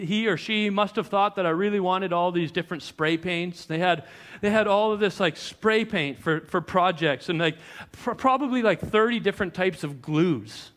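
A young adult man, a pastor, preaching a sermon in a conversational, animated storytelling way with frequent restarts. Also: high voice.

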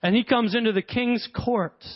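A man's voice: extremely high pitch, moderate pace, highs cut off. A man preaching a sermon in a conversational way, acting out the characters of a parable as he retells it.

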